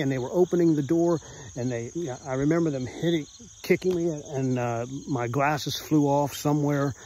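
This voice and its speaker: A man's voice: a little high, darkish tone, slight background noise, rough recording. Rambling storyteller man, crickets behind. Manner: rambling and intense, with many restarts and "you know"s. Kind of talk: telling a true story from his youth.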